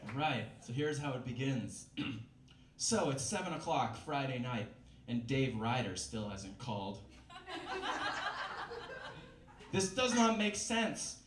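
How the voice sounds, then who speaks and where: A man's voice: medium pitch, unhurried, distant mic. A man reading a book aloud at a live comedy reading in a bistro, with wry, self-mocking asides. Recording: echoey room with background noise.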